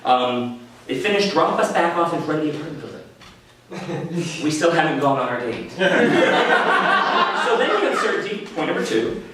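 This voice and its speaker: A man telling a personal story at a live story slam in a conversational, animated way, with quick asides to the audience. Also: on the high side, very noisy. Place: small venue before a live audience. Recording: echoey room, mic from a distance. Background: audience laughter.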